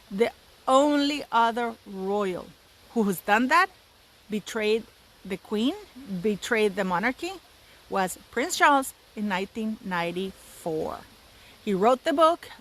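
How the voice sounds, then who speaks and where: A woman's voice: a little high, fairly bright tone, poor audio. A woman in her fifties hosting a solo commentary channel, talking in an emphatic, indignant way and repeating words for stress. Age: 50s.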